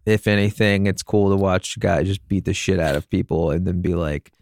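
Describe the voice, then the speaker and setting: Low gravelly animated podcast man. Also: brisk. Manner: animated, laughing film talk. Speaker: podcast co-host. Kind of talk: casual chat.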